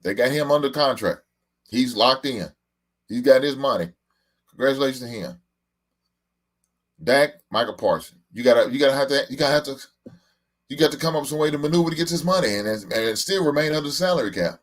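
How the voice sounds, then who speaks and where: A man's voice: medium pitch, lively intonation, a little fast, long pauses. A man in his forties hosting a casual live stream, talking loosely and profanely, laughing and reading out comments from his chat. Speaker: podcast host.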